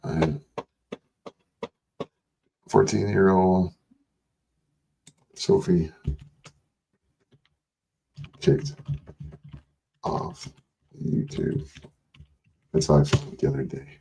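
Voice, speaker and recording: An older man chats loosely on his own livestream, his fairly low voice rambling between jokes and curses. He reads viewer messages aloud and answers them in a casual, off-the-cuff way. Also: sing-song, very slow, creaky, long pauses, mellow, a little hiss or hum. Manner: rambling, profane, jokey, reads out chat. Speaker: livestream host.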